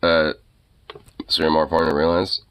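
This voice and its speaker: A man's voice: rumbling low, level tone, brisk, fairly bright tone, smooth, rough recording. A young man chatting casually with his viewers, rambling with lots of fillers and swearing. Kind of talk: casual chat.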